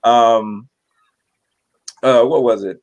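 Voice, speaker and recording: A young man performing a crude, animated stand-up comedy set, often laughing at his own jokes. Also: medium pitch, very slow, dull audio.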